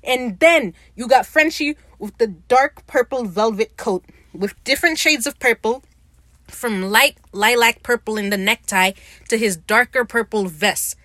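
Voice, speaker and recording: A woman's voice: on the high side, a little slow, fairly bright tone, no echo. A woman hosting a podcast, giving a casual, slangy and profane recap of a TV episode. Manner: slangy, profane, retells scenes by acting out lines.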